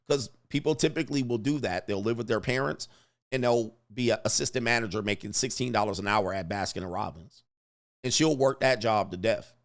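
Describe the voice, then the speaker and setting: Brash, slangy male commentary host. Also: mid-range voice. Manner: slangy, brash, chuckling, repeats punchlines. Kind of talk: casual reaction commentary.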